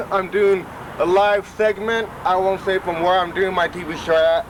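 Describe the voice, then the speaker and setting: Brief: out-of-breath male public-access TV host, rambling and profane, pitched a bit high, loud traffic noise around him. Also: little pitch movement, normal speed. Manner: rambling, profane, loose, repeats himself. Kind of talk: rambling talk to camera. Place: outdoors at a friend's house.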